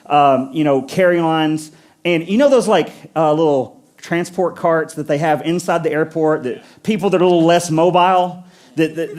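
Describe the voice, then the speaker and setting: A man preaching a sermon, telling a story in an animated way and acting out the quotes with rising intensity. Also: fairly high pitch. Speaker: pastor.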